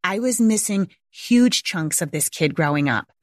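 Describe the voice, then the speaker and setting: A homeschooling mother in her forties tells viewers a personal story, her fairly low voice expressive and a little slow, with no echo. She's candid and casual, close to tears, often swearing and laughing.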